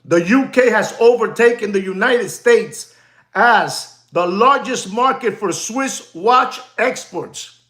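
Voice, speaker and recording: A man's voice: high-pitched, expressive, takes it slowly, a bit bright, reverberant. A man hosting a livestream as a watch dealer, ranting emphatically, repeating himself and dropping Spanish phrases.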